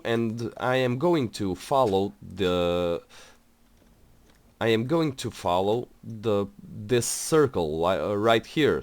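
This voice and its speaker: The recording is dry, and the young adult let's play host speaks in a low voice. He rambles through casual commentary on a building game, stumbling over fillers and restarts.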